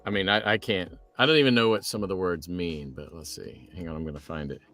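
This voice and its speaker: A man's voice: deep voice, fast, pushed and bright, soft background music. A man chatting casually, breaking off and restarting his sentences as he talks. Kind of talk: casual chat.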